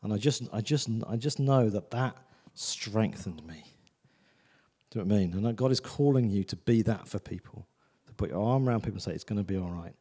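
A man's voice: fairly low pitch, fairly quick, mellow, breathy edge, in a large hall. A man preaching a sermon in a church, in a chatty, conversational way, often asking "do you know what I mean". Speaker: visiting preacher.

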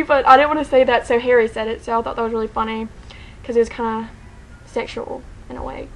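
Excited rambling young woman, high voice. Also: fast talker, low-quality recording. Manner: excited, rambling, heavy use of "like", frequent laughter. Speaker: fan telling a story. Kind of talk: casual storytelling vlog.

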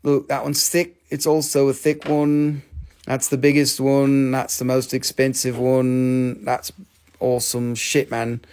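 A man's voice: mid-range voice, monotone, unhurried, darkish tone. A man hosting a live rock sales stream, joking and rambling in playful sales patter.

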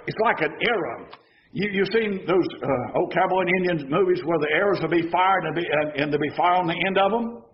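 A man preaching a sermon as an elder, swinging between raised shouts and hushed low tones, and asking the congregation questions that he answers himself. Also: muffled recording.

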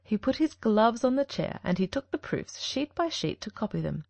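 A woman's voice: fairly high pitch, big pitch swings, normal speed, creaky, darkish tone, dry recording, heavily acted. A woman reading an audiobook, voicing Sherlock Holmes as a shrewd, confident male detective with an emphatic delivery. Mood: explaining.

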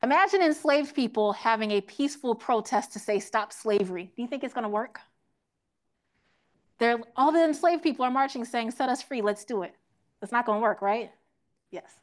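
Woman quizzing a teach-in crowd. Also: a little high. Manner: asks the audience questions; acts out quoted voices. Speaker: teach-in speaker. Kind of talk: interactive classroom lecture.

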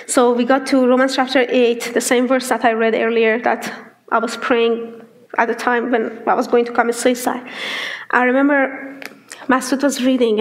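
A woman's voice: a little high, moderate pace. A woman telling her faith story with strong feeling, acting out the dialogue as she goes. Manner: animated storytelling that acts out quoted dialogue. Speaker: testimony speaker. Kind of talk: emotional personal testimony.

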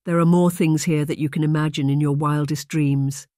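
An audiobook narrator voicing a kindly, mousy middle-aged aunt who speaks in a hushed stage whisper. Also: medium pitch, fairly even intonation, normal speed, no echo, studio quality, natural voice. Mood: ominous.

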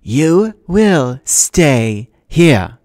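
Male reader doing a stern, menacing lady teacher, high and slow, cold. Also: sing-song, a little mellow, no echo, studio quality, full character voice.

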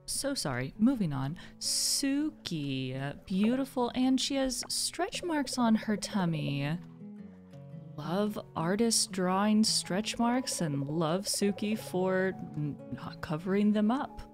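A young woman giving gentle, calm and reflective commentary while she plays a game. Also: mid-range voice, takes it slowly, faint music behind. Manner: soft-spoken, calm and reflective. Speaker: gaming video host. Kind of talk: gentle mindful gameplay commentary.

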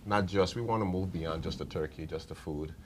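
A man's voice: sits low, a little fast, a little hiss or hum. A man, a pastor, speaking as a guest on a TV panel discussion, hesitant, with many fillers and restarts. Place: TV studio.

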